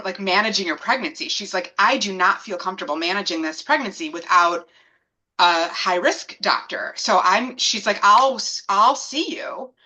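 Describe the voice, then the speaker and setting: A woman in her thirties with a bright, clear tone and a mid-range voice. She tells her story in a casual, animated way and slips into the voices of the people she quotes. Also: medium pitch, poor audio. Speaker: guest.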